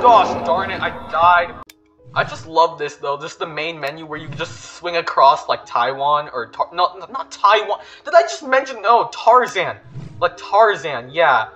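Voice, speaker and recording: A man hosting a gaming video, commenting excitably and panicking with repeated words. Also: a little high, measured pace, muffled recording, faint music behind.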